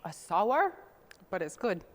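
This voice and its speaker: Woman, cooking show host, chatty, homey, mid-pitched voice, talks while chopping in a kitchen. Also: sing-song, slow pace, slight background noise. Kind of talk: casual cooking demonstration.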